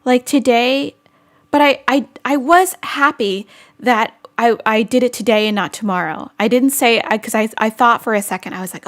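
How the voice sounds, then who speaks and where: Young woman, fairly high voice, chatty and giggly, casual vlog chat. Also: normal speed, a bit bright. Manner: chatty, giggly, many fillers and restarts. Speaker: vlogger answering viewer questions.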